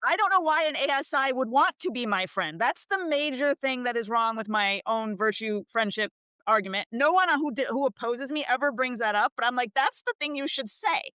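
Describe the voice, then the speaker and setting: A woman's voice: fairly high pitch, lively intonation, a little fast, pushed and bright, smooth, dry recording. A woman speaking earnestly in a casual discussion, pushing her point with conviction. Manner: earnest, argumentative. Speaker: panel speaker.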